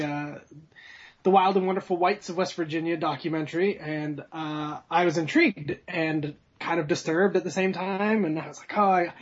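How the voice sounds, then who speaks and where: A somewhat high, husky male guest rambling through his stories over a video call. The line sounds dull and lo-fi. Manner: rambling, laughing storyteller.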